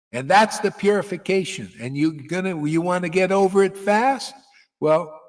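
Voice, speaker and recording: A man's voice: a little high, big-room sound. A man giving an informal devotional sermon as a spiritual teacher, blunt and emphatic, swearing freely and laughing between points.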